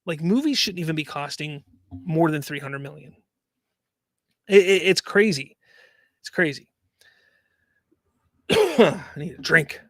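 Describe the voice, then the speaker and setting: Man, host, high voice, dry close sound, animated rambling commentary. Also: measured pace, long pauses, no room sound. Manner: animated, rambling, repeats himself. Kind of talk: casual commentary.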